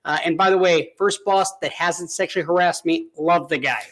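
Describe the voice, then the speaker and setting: A man's voice: fairly high pitch, normal speed, a bit bright. A man co-hosting a gaming podcast, cracking playful jokes in casual banter. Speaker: podcast co-host.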